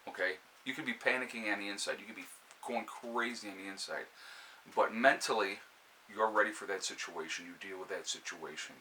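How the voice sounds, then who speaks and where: A man with a New York accent, hosting a casual live stream and giving steady, calm advice with plenty of fillers and restarts. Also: fairly low pitch, a little fast, slight background noise, rough recording. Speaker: prepper channel host. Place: indoors by a fire, with a cat nearby.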